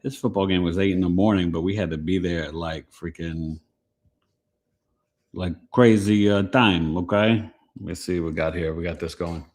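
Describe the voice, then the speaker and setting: Deep-voiced man hosting a casual livestream. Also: steady tone, darkish tone. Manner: playful, slangy, rhyming asides; acts out quick quoted voices. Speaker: astrology livestream host. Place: home.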